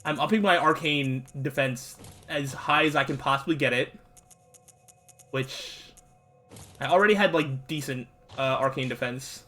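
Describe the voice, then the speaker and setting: A young man giving casual let's-play commentary, frustrated and swearing at the game, with outbursts and low muttering. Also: measured pace, bright, forceful tone, soft background music. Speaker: gaming streamer.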